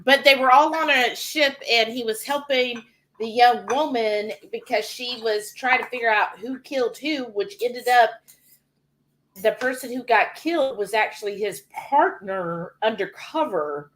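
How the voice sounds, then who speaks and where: Woman co-host, a bit high, chatty live-stream manner, reads comments aloud. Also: unhurried, fairly bright tone, a little hiss or hum. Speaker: cooking show co-host. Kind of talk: live-stream cooking chat.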